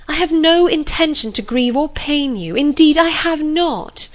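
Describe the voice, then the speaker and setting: A woman's voice: mid-range voice, lively intonation, normal speed, lightly acted. A woman voicing an earnest young heroine. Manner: earnest, pleading yet firm. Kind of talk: audiobook reading.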